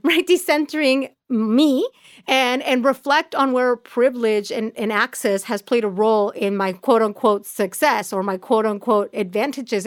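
A woman with a Spanish accent co-hosting a podcast, talking in a lively, casual way and laughing often as she speaks. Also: on the high side, dry recording, studio quality. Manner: animated, laughs often, restarts words. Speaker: podcast co-host. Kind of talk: casual chat.

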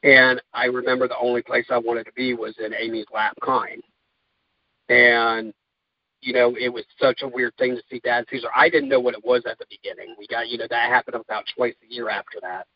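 A man speaking in an interview, talking in a halting, heartfelt way with many fillers. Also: medium pitch, flat delivery, no room sound, lo-fi sound. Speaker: guest, caregiver. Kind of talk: candid interview talk.

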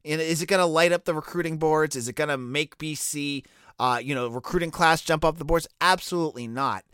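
A man's voice: on the high side, fairly quick, a bit bright, clear, resonant tone, dry recording, clean studio sound. A man with a Boston accent giving casual solo commentary as a college football recruiting analyst, talking loosely with fillers and restarts. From Boston area. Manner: conversational, many fillers and restarts.

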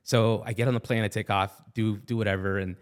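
Speaking fast in a lowish voice, this podcast guest, a forties-aged Army veteran with Southern California Latino English, shares family stories in a relaxed interview. He's animated, impersonating relatives and switching into Spanish.

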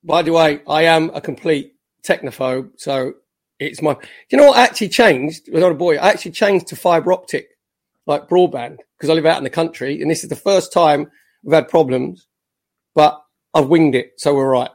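A Cockney man from East London, a former footballer and podcast guest, telling chatty, lively stories from his career. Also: fairly high pitch, moderate pace. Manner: chatty, animated anecdotes with acted quotes. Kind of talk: casual podcast storytelling. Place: his home in the country.

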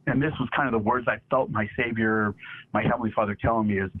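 Earnest, halting middle-aged man on tinny radio. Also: fairly low pitch, fairly even intonation, husky. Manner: halting and earnest, repeating words. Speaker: interview guest. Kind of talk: personal testimony. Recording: tinny phone-like radio sound.

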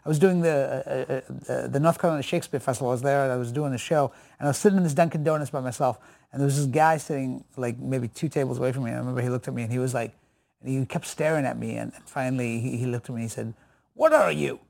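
A man's voice: medium pitch, rapid-fire, vocal fry. A man with a mix of Northern English and American accent, a guest telling stories in a casual interview and laughing often. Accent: mixed Northern English and American. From born in India, raised in the north of England. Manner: animated storyteller, laughs often.

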